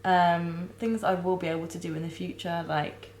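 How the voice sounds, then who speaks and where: A young woman recording a candid personal vlog, talking haltingly with many restarts and close to tears. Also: fairly low pitch, fairly even intonation, a little mellow, echoey room, slight background noise, low-quality recording. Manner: halting, searching for words, many fillers and restarts. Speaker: vlogger.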